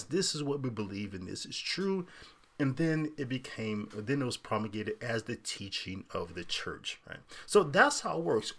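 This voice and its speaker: A middle-aged man rants through an unscripted commentary, animated and often laughing. His voice swings widely in pitch, and his tone stays bright and sharp. He mocks his targets as he goes. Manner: animated, laughing, mocking impressions. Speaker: podcast host.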